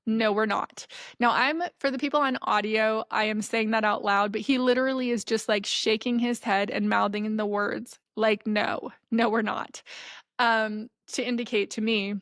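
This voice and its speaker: A woman hosting a podcast, telling a personal story in a chatty, animated way with many fillers. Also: a little high, normal speed, few pauses, no room sound, studio quality. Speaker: podcast host.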